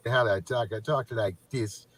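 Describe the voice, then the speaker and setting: A man's voice: on the low side, normal speed, a bit bright. A man putting on a rambling troll caricature. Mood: droning mockery. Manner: repetitive, rambling, self-mocking. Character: mocking caricature of a rambling male internet troll. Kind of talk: mocking parody monologue.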